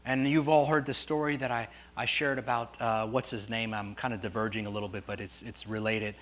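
A middle-aged man preaching a sermon as pastor, telling stories in a rambling way and swinging from soft asides to loud, rising peaks. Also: fairly low pitch, fairly even intonation, a little fast. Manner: storytelling, digressive, swings from quiet to loud; jokes with congregation.

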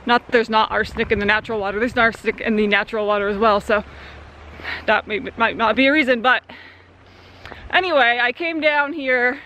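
This young Central Arizona vlogger talks fast in a fairly high, sharp voice, with a little hiss or hum in the background. She rambles casually through an outdoor vlog at a creek swimming hole, filling her speech with fillers.

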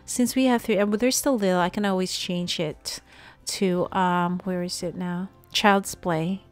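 A woman hosting a life-simulation gameplay video, chatting casually to viewers with lots of fillers and excited exclamations. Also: on the low side, moderate pace, faint music behind. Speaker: gaming video host.

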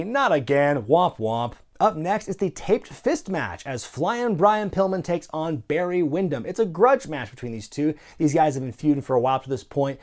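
A man hosting a wrestling review show, talking in a wry, excitable way and swearing freely. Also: fairly high pitch. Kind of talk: casual recorded review narration.

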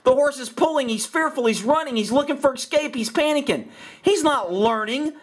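A man's voice: very high-pitched, animated, moderate pace. A middle-aged man, a horse trainer, giving blunt, sarcastic commentary on a training video. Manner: blunt, sarcastic, repeats himself.

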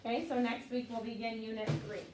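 An elementary school teacher in a classroom of children drills vocabulary patiently, using call-and-response and repeating each word often. Her voice is a little high, flat and quick, heard from far off in an echoey room with a noisy background.

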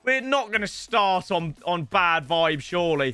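A young man excitedly commentating his own football video game career, full of banter and loud outbursts. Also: high voice, unhurried, smooth, soft background music. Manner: excitable, banter-filled and loud, swinging into mock impressions. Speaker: gaming streamer.

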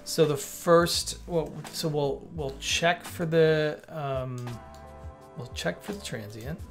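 Guy live coding, gravelly voice, talks to himself a lot, faint music behind. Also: on the high side, slow. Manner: thinking aloud, self-correcting, chatty asides to the viewer. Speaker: developer teaching coding on a livestream. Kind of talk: casual live coding walkthrough. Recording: light background music.

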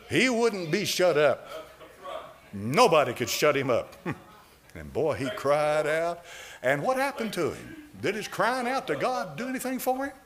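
Older guy preaching in church, voice jumps all over, gets loud then real quiet. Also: fairly high pitch. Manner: animated preaching, swings from loud to hushed. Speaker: pastor. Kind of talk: sermon. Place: church sanctuary.

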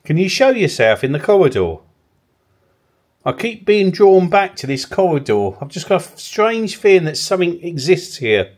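Male ghost-hunt host, animated delivery, uneasy coaxing questions, old mill cellar. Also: high voice, moderate pace. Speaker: paranormal investigator host. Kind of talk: ghost-hunt vlog, calling out to spirits.

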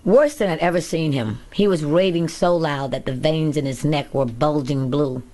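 A woman's voice: low-pitched, normal speed, dark tone. A woman narrating her own memoir as an audiobook in a candid, first-person storytelling manner. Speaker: author reading her memoir.

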